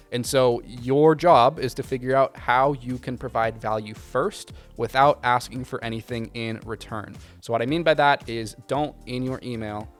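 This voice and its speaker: A man hosting a casual question-and-answer video, giving relaxed, conversational advice with frequent ums and uhs. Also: medium pitch. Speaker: video production channel host.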